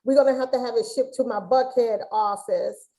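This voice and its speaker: A woman hosting a casual webinar interview on a video call. Her voice sits a little high with a soft, mellow tone. She talks in a rambling, chatty way, full of restarts. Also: fairly even intonation, brisk, rough recording. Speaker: host.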